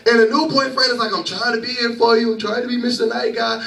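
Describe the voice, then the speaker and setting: A man's voice: very high voice, fairly even intonation, fairly quick, gravelly, few pauses, bright, forceful tone, reverberant, distant mic, low-quality recording. A man in his thirties preaching a sermon in a church, talking to the congregation conversationally and with humor. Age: 30s. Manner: conversational preaching with laughter and call-and-response.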